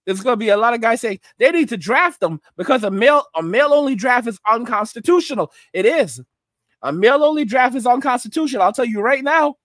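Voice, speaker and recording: A man's voice: extremely high pitch, a bit bright, dry recording, clean studio sound. A man hosting a commentary livestream, ranting emphatically, repeating his points, and often checking in with "all right?". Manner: slips into mocking put-on voices. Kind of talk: ranting commentary, reading viewer chat.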